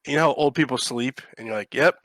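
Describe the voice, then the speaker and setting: A man spinning a rambling anecdote on a podcast, swearing freely and jumping into voices for each quote. He has an everyday, mid-pitched man's voice. It is recorded dry and close, with no room echo. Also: quick pace. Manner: animated, profane, acts out quotes. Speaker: podcast co-host. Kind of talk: casual storytelling chat.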